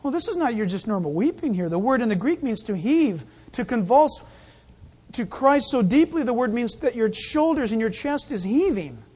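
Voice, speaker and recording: A pastor giving a sermon in an animated, jokey way, acting out the scenes. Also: medium pitch, moderate pace, slightly rough.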